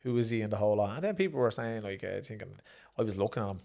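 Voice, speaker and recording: A former professional boxer and promoter from Ireland, middle-aged, rattles off stories of his fights in a fairly low voice with vocal fry. The sit-down interview is casual, and he's animated throughout, acting out quoted speech in raised voices.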